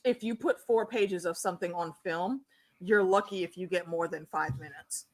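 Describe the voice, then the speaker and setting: A woman co-hosting a casual fan discussion of a TV show, blunt and quick to laugh, swearing casually. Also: on the low side, no room sound.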